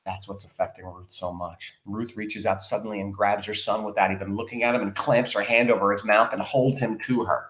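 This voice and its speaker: A male teacher reading a play aloud and explaining it to his students, in an animated way, speaking straight to the class. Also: lowish voice, a little fast, hardly any pauses, reverberant.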